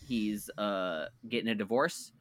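A man's voice: on the low side, a little slow, fairly bright tone, slight background noise. A man co-hosting a podcast in casual chat, rambling and restarting as he eagerly recommends shows. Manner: rambling, self-correcting, enthusiastic recommendations. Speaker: podcast co-host.

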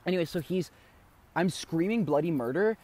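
A man's voice: a little high, lively intonation, moderate pace, darkish tone. A man casually telling a long story on a podcast, rambling with many fillers and swearing freely. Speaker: podcast co-host.

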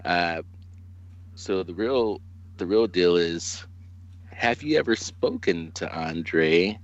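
Excitable Californian man hosting. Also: deep voice, slow, dull audio. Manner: excitable, laughing, profane. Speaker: podcast host. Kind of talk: casual podcast chat.

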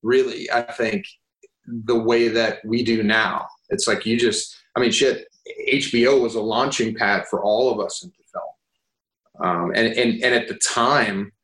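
A man's voice: mid-range voice, fairly even intonation, measured pace, fairly bright tone, reverberant, poor audio. A man, an actor and guest, talking in a rambling, candid, self-deprecating way with casual swearing.

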